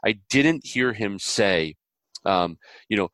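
A man as an interview guest, talking earnestly and animatedly, with lively quoted voices and preacher-like biblical illustrations. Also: fairly low pitch, slow, no echo. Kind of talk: conversational interview.

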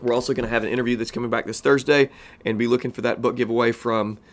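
An earnest man of ordinary pitch talks through a pastoral teaching as a podcast host. He speaks to fellow pastors in an even, sincere way and drops to a slow, soft voice when a point lands.

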